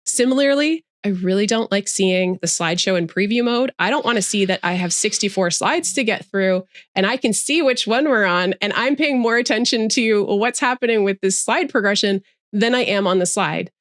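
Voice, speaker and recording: A woman's voice: mid-range voice, normal speed, no echo, clean studio sound. A woman guest who trains presenters, explaining her views articulately in a casual interview over a video call.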